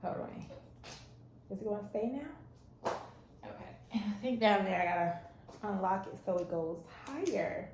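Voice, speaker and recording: A woman chatting excitedly to her viewers while setting things up at home, talking herself through each step. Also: mid-range voice, measured pace, long pauses. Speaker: small business owner and stay-at-home mom. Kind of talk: casual vlog chat. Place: at home, indoors. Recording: roomy echo, faint background noise.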